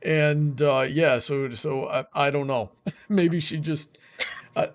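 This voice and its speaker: A man's voice: a little high, steady tone, slow. Rambling man hosting a livestream. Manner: rambling, with many fillers and restarts. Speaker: livestream host. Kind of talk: casual chat.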